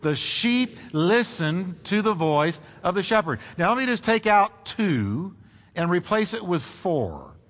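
Male pastor preaching, lively pitch, bright tone, church hall reverb. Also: a little slow. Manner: animated preaching with congregation call-and-response. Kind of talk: sermon.

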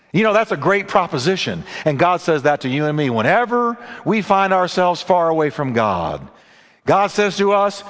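A man preaching a sermon and telling stories, emphatic with dramatic pauses. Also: sits high, big pitch swings, a bit bright, big-room sound. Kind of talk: sermon with storytelling.

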